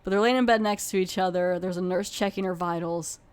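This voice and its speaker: A woman's voice: lowish voice, steady tone, fairly quick, smooth. A woman hosting a podcast, chattily retelling a television episode with many fillers like "you know". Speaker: podcast host. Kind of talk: casual plot retelling.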